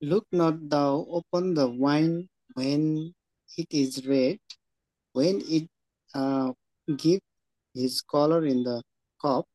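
A participant reading scripture aloud slowly, hesitating and stumbling over old-fashioned words. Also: medium pitch, a little mellow, dry recording, low-quality recording. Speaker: Bible reader in study group. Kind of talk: slow halting scripture reading.

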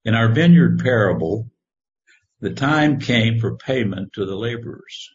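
A man preaching a sermon, reading scripture in a slow, measured way. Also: mid-range voice, lively intonation. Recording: dull lo-fi recording.

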